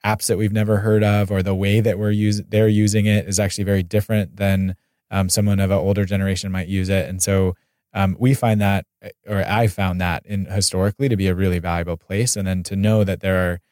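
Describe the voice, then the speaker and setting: A man with a fairly low American voice hosts a casual podcast chat. He rambles, restarts his sentences and leans on fillers. The sound is dry and close. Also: little pitch movement, fairly quick, a little mellow, no echo. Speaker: podcast host.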